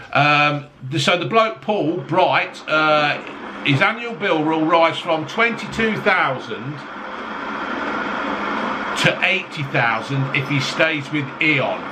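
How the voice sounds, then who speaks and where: A man's voice: fairly high pitch, animated, takes it slowly, noisy background. Ranting, sweary man. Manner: angry, sweary rant. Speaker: vlogger. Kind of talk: ranting casual chat.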